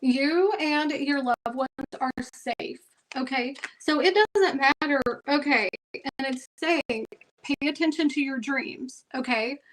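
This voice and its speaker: A woman's voice: sits high, slow, slight background noise, low-quality recording. A woman doing a tarot reading for her viewers, chatty and emphatic, often checking in with "okay" and "y'all". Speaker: tarot reader.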